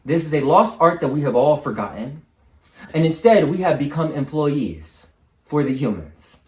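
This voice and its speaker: A man's voice: on the high side, big pitch swings, normal speed, darkish tone, reverberant. A man hosting his channel, delivering an emphatic, repetitive, preaching monologue to the camera. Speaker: channel host.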